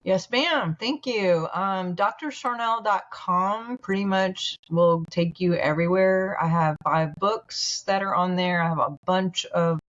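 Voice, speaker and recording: Woman on a podcast, low-ish voice, earnest and gushy, kinda dull lo-fi sound. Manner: earnest, gushing, grows emotional. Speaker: guest, naturopathic doctor. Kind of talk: casual interview talk.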